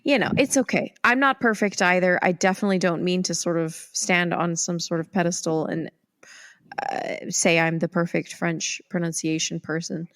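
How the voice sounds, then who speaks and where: A woman's voice: on the low side, moderate pace, fairly bright tone, no room sound, studio quality. A woman co-hosting a podcast, talking casually in a thoughtful, hedging way. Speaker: podcast co-host. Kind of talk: casual chat.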